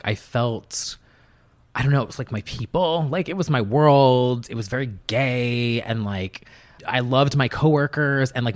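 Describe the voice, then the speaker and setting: A young man talks as a podcast guest, rambling through his stories with plenty of "like" and quick asides. His voice sits at an ordinary middle pitch, and he sounds easy and conversational. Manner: chatty, filler-heavy storytelling with many "like"s. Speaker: podcast guest, music producer. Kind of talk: casual interview chat.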